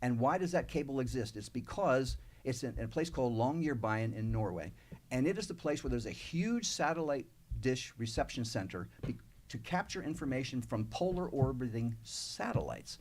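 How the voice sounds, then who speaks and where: A man's voice: mid-range voice, lively intonation, moderate pace, a little mellow. Man telling a story on local radio. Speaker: guest author. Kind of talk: casual radio interview.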